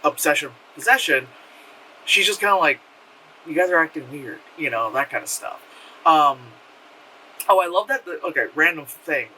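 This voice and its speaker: A man's voice: a little high, far from the mic, slight background noise, poor audio. A man giving a casual, rambling film review, filled with "like" and casual swearing. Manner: rambling and animated, heavy on "like", swears freely. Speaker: movie reviewer.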